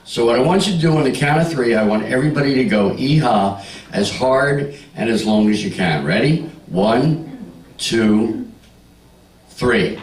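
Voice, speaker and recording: A male stand-up comic working a club crowd, brash and teasing, his pitch swinging up and down as he sells each joke. He sounds a bit off the mic, with an echoey room around him. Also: animated, a little slow, distant mic. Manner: brash, teasing, bawdy banter with the audience. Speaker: stand-up comedian. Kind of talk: stand-up comedy with crowd work. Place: comedy club stage.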